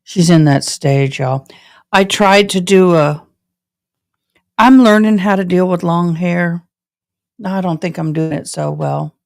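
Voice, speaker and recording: A woman's voice: on the low side, slow pace, vocal fry, pauses often, a little mellow, no room sound, clean studio sound. A woman hosting a live stream from her home, chatting casually and talking straight to her viewers. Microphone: camera setup.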